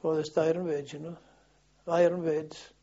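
A man's voice: fairly high pitch, little pitch movement, moderate pace, warm tone. An older man, recalling his army days in a rambling way, repeating words and chuckling. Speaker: interviewee recalling army service. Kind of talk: oral history reminiscence. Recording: dull lo-fi archive tape.

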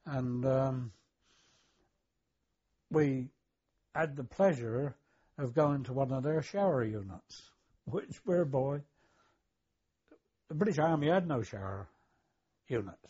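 An older war veteran recalling his service in an interview, hesitant, with many fillers, throat clearing and chuckles. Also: mid-range voice, animated, slow, long pauses, warm tone, lo-fi sound. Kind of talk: oral history recollection.

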